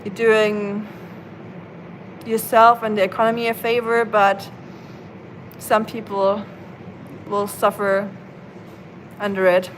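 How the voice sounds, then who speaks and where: A woman's voice: mid-range voice, little pitch movement, slow, long pauses, slight background noise, rough recording. A woman live streaming and chatting casually with her viewers, playful and laughing often. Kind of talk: casual chat. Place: at home, rain outside. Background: rain ambience.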